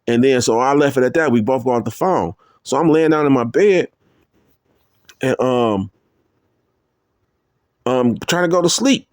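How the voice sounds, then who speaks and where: A man telling a personal story in a casual, rambling way, full of fillers and restarts, getting higher and louder as he gets worked up. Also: animated, normal speed, no echo, studio quality. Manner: rambling, many fillers and restarts, rises in pitch when heated. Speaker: testimony speaker.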